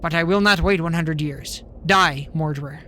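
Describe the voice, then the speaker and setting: A man's voice: a little high, normal speed, pushed and bright, a little hiss or hum. A man voicing a stern male woodcutter in a video game, speaking in mock-archaic old English. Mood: grim.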